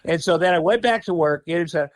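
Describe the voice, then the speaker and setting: A podcast guest tells a wild story in a loose, profane way, laughing mid-sentence as part of casual anecdotal storytelling. He has a fairly high-pitched voice and speaks at a quick pace.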